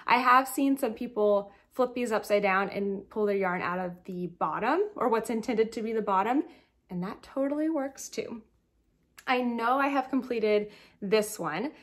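A woman's voice: fairly high pitch, measured pace. A woman hosting a knitting podcast, chatting casually and rambling with giggly asides while showing her projects, in a groggy morning voice.

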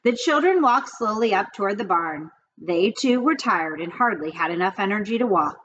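A woman reading a children's book aloud in an expressive storytelling manner. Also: mid-range voice, normal speed, few pauses, lo-fi sound. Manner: lively, expressive reading with character voices.

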